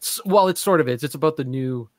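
A man's voice: a little high, fast talker. A man chatting casually as a podcast co-host, easygoing in the back-and-forth. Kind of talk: casual chat.

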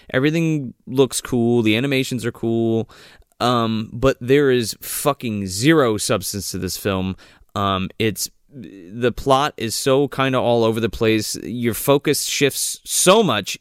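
A man's voice: medium pitch, smooth, no echo, studio quality. A man co-hosting a casual film-review chat, blunt and profane in his opinions. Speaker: podcast co-host reviewing a film.

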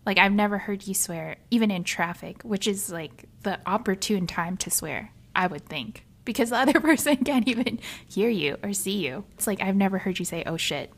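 A woman's voice: mid-range voice, lively intonation, moderate pace, few pauses. A young woman co-hosting a casual podcast chat, teasing and laughing often. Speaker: podcast co-host.

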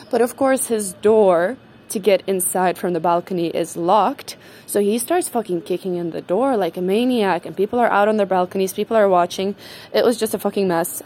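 A woman's voice: mid-range voice, darkish tone. A woman telling a story in a casual, chatty way, swearing freely and filling her speech with "like" and "um". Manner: frequent fillers like "like" and "um". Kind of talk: casual spoken anecdote.

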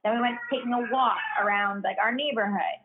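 A chatty woman with a fairly high voice tells a long personal story in casual conversation. She leans heavily on "like" and laughs easily. Her voice comes through thin and tinny, as if over a phone line. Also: brisk, background noise. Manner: chatty, heavy use of "like" fillers, laughs often.

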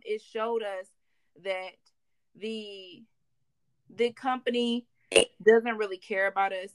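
A woman's voice: medium pitch, dry recording. A young woman in her twenties co-hosting a podcast, telling a work story in casual, slangy chat and slipping into voices when she quotes people. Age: 20s. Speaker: podcast co-host.

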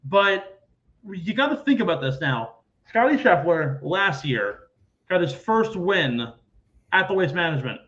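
A man hosting a casual sports podcast, talking in an animated, rambling way and acting out quoted people loudly. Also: high voice, a little slow, highs cut off. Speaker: podcast host.

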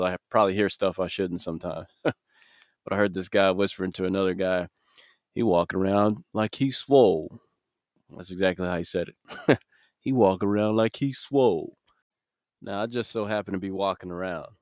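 A man's voice: on the low side, dry recording, studio quality. A man hosting a devotional podcast, preaching earnestly and conversationally with a prayer. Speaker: podcast host.

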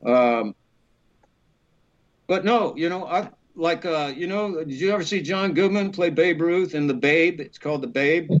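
A middle-aged actor from Alabama telling rambling, animated stories in a podcast interview, acting out quotes with many fillers. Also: male voice, on the high side, a little slow, highs cut off. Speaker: actor guest.

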